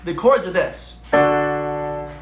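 A man hosting a livestream, chatting casually, playing songs and telling animated, self-deprecating stories. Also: high-pitched, very slow, roomy sound, loud music behind the voice. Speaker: livestream host.

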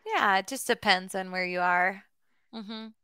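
A woman's voice: medium pitch, unhurried, bright, forceful tone, smooth, no echo. A woman from the United States tutoring English in a casual conversation class, chatty and friendly, with lots of fillers.

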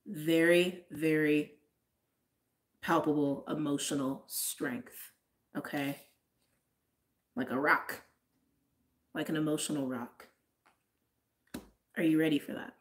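A woman's voice: sits low, fairly even intonation, slow, pauses often. A woman giving a casual, chatty tarot reading, talking straight to her viewers with frequent "like"s. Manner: chatty, lots of "like", frequent laughs. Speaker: tarot reader.

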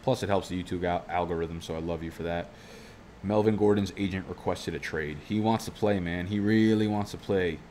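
Male streamer, low voice, loose and profane, tangent-prone chat. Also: steady tone, a little fast, darkish tone, a little hiss or hum. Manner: profane, rambling, goes off on tangents. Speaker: fantasy football youtuber. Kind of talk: casual live-stream commentary. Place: home studio.

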